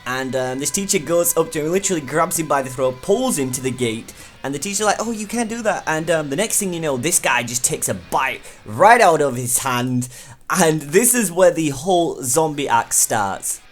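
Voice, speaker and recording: A man's voice: a little high, animated, normal speed. A young man talks through an anime in a casual review. His delivery is chatty and eager, full of fillers and restarts. Faint music plays under his voice. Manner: chatty and enthusiastic, many fillers.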